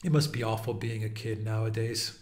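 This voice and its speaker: A man's voice: lowish voice, fairly even intonation, a little fast, darkish tone, reverberant. A man hosting a casual commentary video, mocking and exasperated as he talks, often breaking into laughter. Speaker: political video host.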